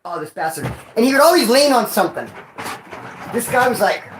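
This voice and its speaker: A man from Bakersfield, California telling rowdy stories in casual street slang to his viewers, cursing and sometimes yelling. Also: very high-pitched, a little fast, a little hiss or hum. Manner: profane, animated street slang, bursts of yelling. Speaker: vlogger. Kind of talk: casual storytelling to a live chat. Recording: echoey room.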